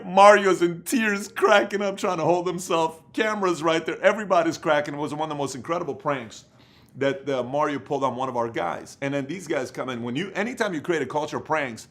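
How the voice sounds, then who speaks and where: A man giving a motivational business talk, telling stories in an animated, rambling way with many fillers. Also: fairly high pitch, a little fast. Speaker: company leader giving business advice.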